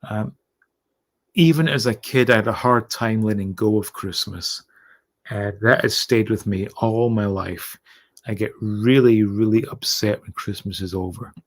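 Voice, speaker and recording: A Scottish man whose accent has been softened by years in North America hosts a late-night livestream with a lowish voice. He reads viewer comments aloud in a rambling, halting way, full of "uh"s and restarts, and thanks his viewers.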